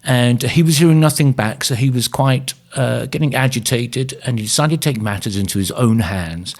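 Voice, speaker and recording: A man's voice: mid-range voice, normal speed. A man co-hosting a podcast, chatting in an easygoing way with dry quips. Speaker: podcast co-host. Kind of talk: casual conversation.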